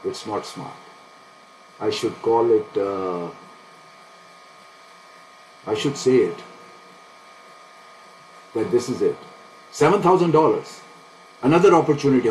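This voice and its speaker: A man's voice: mid-range voice, a little mellow, poor audio. A man thinks aloud in a mid-range voice, anxious and full of questions for himself, with nervous laughs breaking in. He talks straight to his viewers as he trades live. A faint hiss of noise sits behind him.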